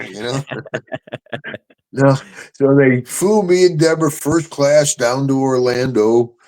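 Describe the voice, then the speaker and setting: A man's voice: mid-range voice, mellow. An older man, a retired wrestler hosting his own show, telling stories in casual chat, boisterous and laughing often.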